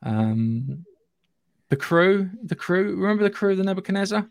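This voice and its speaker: A man from Surrey with a southern English accent, co-hosting a casual podcast chat about films, animated, sweary and acting out scenes. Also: sits high, normal speed, gravelly, no echo, studio quality. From England, Surrey area. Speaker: podcast co-host.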